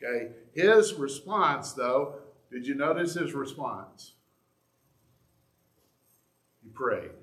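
A man's voice: medium pitch, lively intonation, a little slow, fairly bright tone, roomy sound. A man, a pastor, preaching a sermon in a conversational, earnest way, teaching from the Bible.

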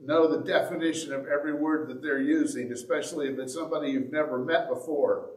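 A man's voice: on the high side, fairly even intonation, fast. A man with a Southern Indiana accent, preaching a sermon as a pastor in a folksy, joking way. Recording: roomy sound from a distance.

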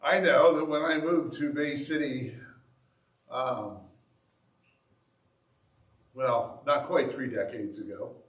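A man's voice: medium pitch, fairly even intonation, slow, long pauses, a bit bright. A man with a Southern Indiana accent, preaching a sermon as a pastor in a folksy, joking way. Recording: roomy sound from a distance.

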